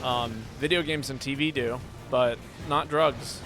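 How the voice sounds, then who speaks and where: A man streaming a game, chatting casually and joking with his viewers, now and then yelping with excitement. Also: mid-range voice, unhurried. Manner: relaxed, joking, with sudden excited yelps. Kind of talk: casual gameplay chat. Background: game music.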